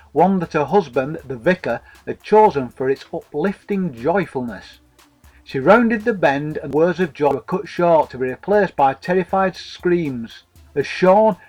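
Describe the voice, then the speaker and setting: A man's voice: on the high side, darkish tone, poor audio. A man narrating a comic story in a dry, wordy, mock-formal way.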